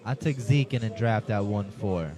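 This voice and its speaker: A man's voice: on the low side, normal speed. Laid-back male co-host cracking jokes, live from a bar, with music audible in the background. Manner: joking, laid-back banter. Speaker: fantasy football podcast co-host. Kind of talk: casual live sports chat.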